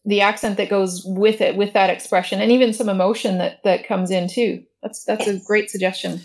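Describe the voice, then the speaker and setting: A woman's voice: mid-range voice, steady tone, a little fast. A woman on a casual panel, asking follow-up questions in a friendly way.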